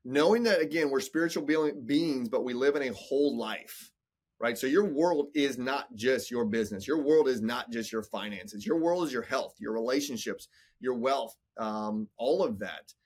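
A man's voice: mid-range voice, moderate pace, darkish tone, slightly rough. A man in his forties, a business coach talking in a casual podcast interview, emphatic and motivational, often repeating words. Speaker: business coach and entrepreneur guest.

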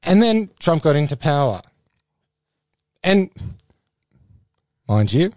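A man's voice: a little high, big pitch swings, takes it slowly, darkish tone, no room sound. An Australian man co-hosting a podcast in a rambling, casual chat full of restarts and swearing. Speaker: podcast co-host.

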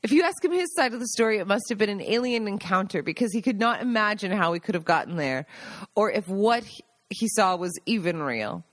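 A woman's voice: mid-range voice, lively intonation, a little fast, dry recording. American woman reading her own memoir. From United States. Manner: conversational, wry, self-amused reading. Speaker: podcast host and author.

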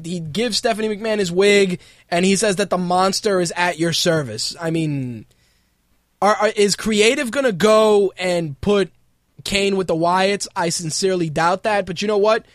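A man with a high voice runs his own talk show, riffing in a loose, mocking rant peppered with profanity. The sound is dry and close, with little room around it. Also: no room sound. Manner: profane, mocking rants, animated. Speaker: podcast host. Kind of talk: casual wrestling commentary.

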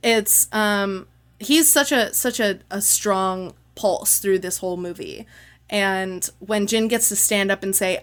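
A woman hosting a podcast, talking in an effusive, emotional way and rambling quickly in casual discussion. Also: mid-range voice, a bit bright. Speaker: podcast host.

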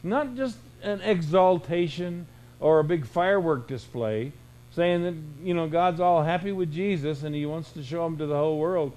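A man preaching a sermon, emphatic and full of rhetorical questions, swinging between loud bursts and hushed lines. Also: a little high, normal speed, low-quality recording. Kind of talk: radio sermon.

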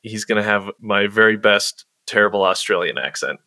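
Chatty man with a bright voice. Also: lowish voice, moderate pace, dry recording, studio quality. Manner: relaxed, chatty, lots of "like". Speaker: host and game master. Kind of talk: explaining a role-play game, casual.

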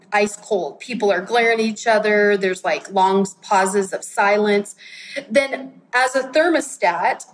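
A woman's voice: medium pitch, a little hiss or hum, low-quality recording. A woman in her forties giving a candid, conversational sermon and acting out her own quotes. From United States. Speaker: pastor.

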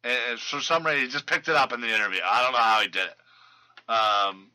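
A man's voice: mid-range voice, lively intonation, brisk, pushed and bright, low-quality recording. A man hosting a casual sports podcast, rambling through player news with lots of fillers and restarts. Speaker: fantasy football podcast host.

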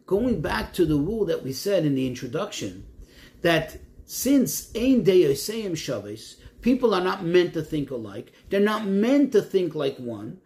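Animated rabbi teaching a Torah lesson. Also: male voice, a little high. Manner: poses questions then answers, quoting Hebrew verses and translating; animated, rising and falling emphasis.

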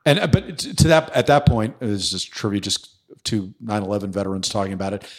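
A middle-aged man, a former detective, tells a story in a casual podcast interview. He is animated, slips into the voices of the people he quotes and swears without a second thought. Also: fairly low pitch, fast talker. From New York City. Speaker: guest, former police detective and actor.

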